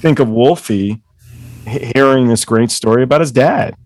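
A man in casual conversation with an eager, tumbling way of telling a story, full of restarts and cheerful swearing. His voice sits at an ordinary middle pitch and sounds dry and close, with no room around it. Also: normal speed, darkish tone, dry recording. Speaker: podcast host, guest. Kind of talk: casual chat.

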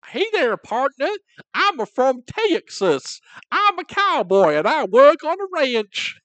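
Give me a man hamming up a loud, high, slow-drawling cowboy, dry and close. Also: sing-song, no room sound, heavily acted. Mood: boisterous. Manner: over-the-top drawl, jokingly bad.

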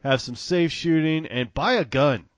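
A man's voice: a little high, unhurried, no echo. A man co-hosting a casual podcast, laughing often and talking with animation. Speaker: podcast co-host. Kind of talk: casual chat.

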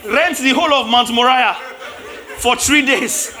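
A man preaching a lively sermon, acting out biblical characters with shouts and laughs. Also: very high-pitched, unhurried, crowd noise, noisy background.

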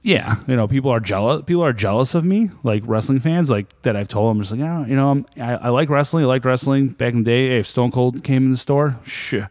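A man's voice: medium pitch, fast, hardly any pauses, darkish tone, dry recording, clean studio sound. A man, a store manager, telling rambling stories with frequent laughter in casual chat.

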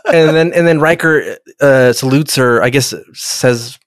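A man's voice: mid-range voice, a little slow, a little hiss or hum. A man chatting casually on a podcast, swearing freely and acting out characters' lines as he retells a story. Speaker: podcast co-host. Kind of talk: casual profane chat.

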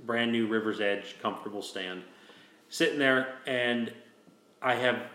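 This host rambles through a long hunting story in casual conversation, full of fillers, restarts, and "you know." His voice is mid-range with a fairly bright tone, and the audio has a roomy quality.

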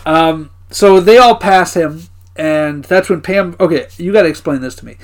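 A man's voice: a little high, normal speed. Laughing man recapping a show. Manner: recounts scenes, laughing and swearing often. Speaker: podcast co-host. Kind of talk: casual recap chat.

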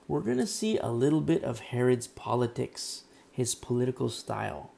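Hoarse, gravelly male preacher. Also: medium pitch, big pitch swings, moderate pace, warm tone. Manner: conversational, rambling, full of fillers and asides. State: hoarse, throat worn out. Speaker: pastor. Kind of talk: casual expository sermon.

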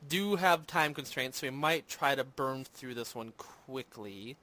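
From his home in Minnesota, a podcast host talks casually about movies and games, meandering and self-deprecating, full of fillers. His medium-pitched voice has a sharp tone and runs a little slow.

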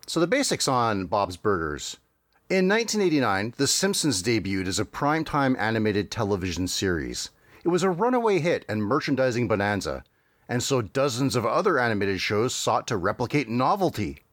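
A man's voice: on the low side, fairly bright tone, no room sound. A man hosting a podcast, recapping a cartoon episode in a dry, wry way with frequent hesitations. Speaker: podcast host.

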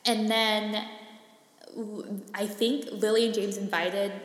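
A woman's voice: medium pitch, flat delivery, slow pace. A young woman co-hosting a podcast in casual chat, chatty, with frequent laughs and fillers. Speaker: podcast co-host. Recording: echoey room with long reverb.

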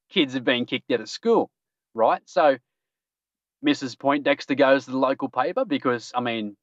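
A man's voice: mid-range voice, dry recording. A man hosting a casual podcast news roundup, joking and laughing at his own jokes. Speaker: podcast host. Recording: dull dry lo-fi recording.

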